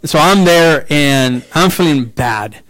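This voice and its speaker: Pastor, male, fairly high voice, dry close sound; sermon delivery, swings from hushed slow emphasis to fired-up climbs, casual asides. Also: no room sound, rough recording. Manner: swings from quiet, slow emphasis to rising, excited preaching.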